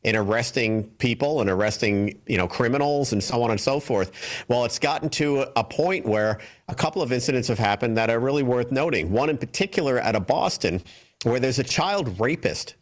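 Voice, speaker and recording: A man's voice: medium pitch, animated, fairly quick. Hesitant male political commentator. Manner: hesitant, many fillers, earnest. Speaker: co-host, news commentator. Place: TV studio.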